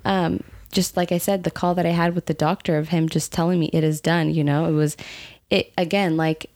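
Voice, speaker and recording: A young woman casually telling a personal story with her husband, animated, laughing often and full of fillers. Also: lowish voice, a little fast. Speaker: co-host.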